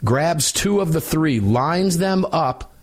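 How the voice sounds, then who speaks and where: A man's voice: fairly high pitch, lively intonation, takes it slowly, husky. A man with an American accent hosting a radio talk show, telling a story in an emphatic, indignant way. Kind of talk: impassioned radio commentary.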